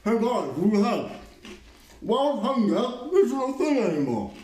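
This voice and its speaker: A man's voice: high-pitched, very animated, unhurried, a little mellow, reverberant, pitched above the performer's own voice. A man voicing a naive, rambling young woman who hesitates and fills her talk with "like" and "um". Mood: ditzy. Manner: hesitant, filler-heavy valley-girl talk.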